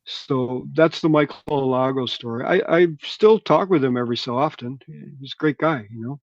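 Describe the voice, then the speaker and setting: A man's voice: medium pitch, normal speed, no room sound, dull audio. A middle-aged man telling loose, rambling stories from his band days in casual chat, swearing freely. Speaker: guest musician. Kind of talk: casual storytelling.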